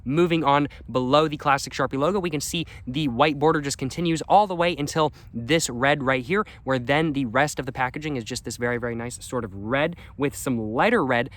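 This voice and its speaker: A man's voice: mid-range voice, fairly quick, few pauses, a bit bright. A man reviewing a product in a casual, rambling way, repeating the same stock phrases.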